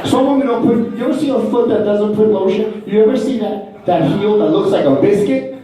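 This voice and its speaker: A man's voice: high-pitched, a little fast, dark tone, very echoey, distant mic, poor audio. A man performing a brash, profane stand-up comedy set in a club, acting out other people's voices. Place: comedy club stage before a laughing audience.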